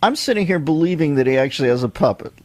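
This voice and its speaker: A middle-aged man hosting a radio talk show, bantering quickly and playfully with a guest and laughing often. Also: on the high side, animated, no room sound. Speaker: radio host.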